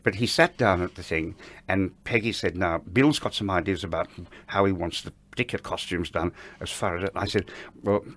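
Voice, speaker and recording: A man's voice: low-pitched, fairly quick. An older man from the ballet world, telling backstage stories in an interview and acting out the dialogue as he goes. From Australia. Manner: animated raconteur who acts out quoted dialogue. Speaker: interview guest, ballet veteran. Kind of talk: anecdotal interview storytelling.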